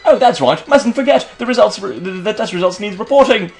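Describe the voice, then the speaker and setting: A man's voice: high voice, animated, brisk, gravelly, soft background music, voice pushed up. A man voicing a cocky male villain grunt in a put-on British-sounding accent, rude and brash. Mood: taunting.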